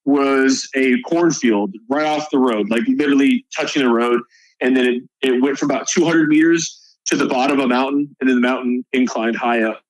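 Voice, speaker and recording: A man's voice: mid-range voice, no echo, rough recording. A male soldier guest on a podcast, telling a combat story in a casual, profane way.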